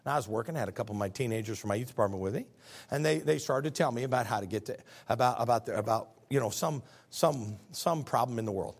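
A man preaching a sermon as pastor, folksy and emphatic, swinging from loud outbursts to hushed tones. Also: mid-range voice, fast talker, husky. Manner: folksy, conversational asides to the congregation.

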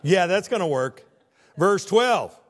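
A man preaching a sermon as pastor, in a lively, conversational way, acting out the people he quotes. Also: sits high, slow pace. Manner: animated, conversational preaching that acts out quoted figures.

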